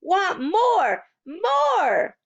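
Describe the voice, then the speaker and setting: A woman voicing a wild little toddler boy who shouts in a high, shrill voice. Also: wildly swooping pitch, drawn-out words, creaky, exaggerated voice. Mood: demanding. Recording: dull lo-fi recording.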